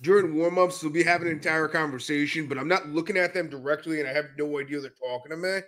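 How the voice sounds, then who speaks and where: A man talking as a guest in a casual podcast interview, telling animated stories and often laughing as he goes. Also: fairly high pitch, fast. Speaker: podcast guest, jiu-jitsu brown belt.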